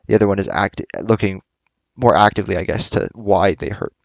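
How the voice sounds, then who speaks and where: A man's voice: on the low side, fairly even intonation, quick pace, gravelly, no echo. A young man hosting a casual book club talk, rambling and hesitant with many fillers and restarts.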